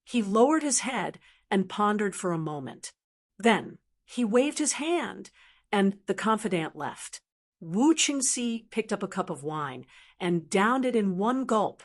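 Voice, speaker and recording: A woman reads a long fantasy novel aloud at a middle pitch. Her narration is steady and measured, built for chapter-length listening. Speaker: audiobook narrator. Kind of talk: scripted narration.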